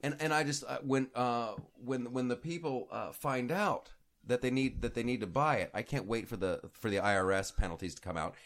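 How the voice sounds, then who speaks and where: A man's voice: mid-range voice, fairly quick. A man hosting a casual political talk show, joking and acting out quoted people with bursts of laughter. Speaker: podcast host.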